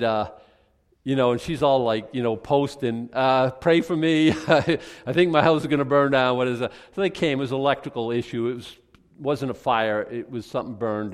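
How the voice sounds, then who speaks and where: Chatty joking male pastor. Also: mid-range voice. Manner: conversational, joking, rambling. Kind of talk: sermon.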